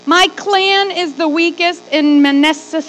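A woman's voice: extremely high pitch, a little slow, a bit bright, soft background music. A woman voicing a timid, fearful young man with a nerdy, whiny, pleading voice.

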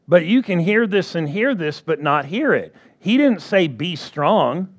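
A man's voice: sits high, sing-song, moderate pace. A man preaching a sermon who repeats his key phrases and keeps asking the congregation for agreement.

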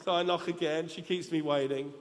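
A man's voice: a little high, steady tone, a little fast, slight background noise. A middle-aged man preaching a humorous storytelling sermon, joking and talking directly to the congregation in a large church. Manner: chatty, joking, addresses the congregation. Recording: reverberant hall, faint room ambience.

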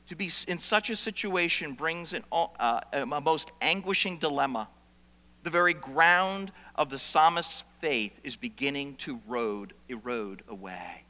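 A man's voice: fairly high pitch, very animated, a little slow. Impassioned male preacher in a reverberant hall. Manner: preaching with wide swings from hushed to loud. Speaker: pastor. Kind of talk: sermon.

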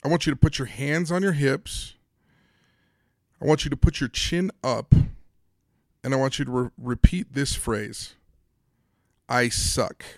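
A man's voice: medium pitch, moderate pace, long pauses, darkish tone, no echo, studio quality. A man hosting a solo motivational podcast, upbeat and speaking straight to his listeners with questions and instructions. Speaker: podcast host.

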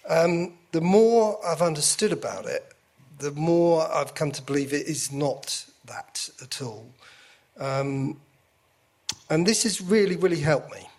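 A man in an open conversation, self-deprecating and given to jokes. His voice sits a little high and sounds husky. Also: animated, measured pace, darkish tone. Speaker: guest. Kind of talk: candid conversation.

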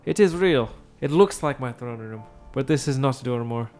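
A man putting on a grandiose old king with a put-on Irish lilt. He speaks in a theatrical, old-fashioned way, louder than the narration around him. Faint music plays underneath. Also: mid-range voice, lively intonation, normal speed, natural voice. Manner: theatrical, archaic speech.

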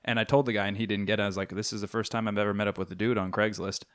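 A man's voice: fairly low pitch, racing, clear, resonant tone. A young man co-hosting a casual podcast, telling long rambling stories with lots of fillers. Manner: rambling, animated storytelling with fillers. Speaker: podcast co-host. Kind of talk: casual chat.

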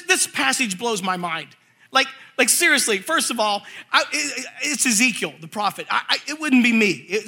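A man preaching a sermon, reading scripture slowly and telling animated stories with jokes. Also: high-pitched, breathy edge. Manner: animated storytelling, jokes and voices; reads scripture slowly and forcefully. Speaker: pastor.

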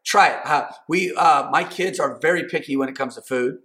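A man in his thirties delivers a sermon with a bright, forward tone. He slips between loose, chatty asides and punchy, repeated lines that rise with emphasis. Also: fairly high pitch, normal speed. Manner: conversational, builds to emphatic repeated phrases. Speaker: pastor.

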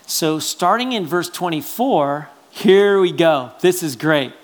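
A man preaching a sermon as pastor, talking in a conversational, animated way, often checking in with "right?", and swinging between loud exclamations and quiet asides. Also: a little high, slow pace.

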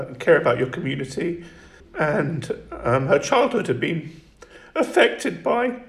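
A man speaking as an interview guest in reflective conversation, halting and restarting often. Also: fairly high pitch, gravelly, fairly bright tone, reverberant.

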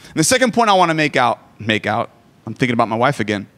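A man's voice: medium pitch, sing-song, quick pace, fairly bright tone. A man in his forties preaching a sermon, joking and self-deprecating as he talks. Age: 40s. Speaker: pastor.

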